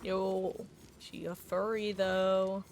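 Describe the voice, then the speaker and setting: A woman's voice: medium pitch, level tone, drawn-out words, a little mellow, a little hiss or hum. A woman streaming a video game, chatting casually in a goofy, rambling way, sometimes talking while she eats, with stuffy allergies. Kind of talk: casual gaming stream chat.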